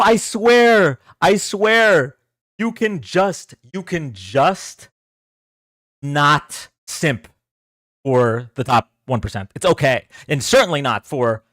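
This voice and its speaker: High, animated man ranting to chat. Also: slow pace, no room sound, studio quality. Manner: exasperated, sarcastic, repeats himself. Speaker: political livestream host. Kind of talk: casual livestream commentary to chat.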